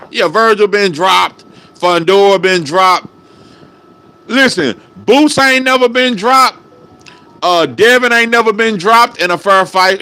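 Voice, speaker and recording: A man with a high, bright voice delivers a heated reaction rant. He swings widely up and down in pitch. His talk is angry, profane and packed with slang. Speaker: boxing reaction commentator.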